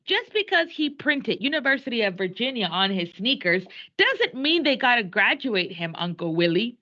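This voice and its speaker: A woman's voice: a little high, big pitch swings, normal speed, sharp tone. A woman voicing a scrawny, nerdy teenage boy who is eager to study, speaking in an earnest, tattling way. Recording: dull lo-fi classroom recording.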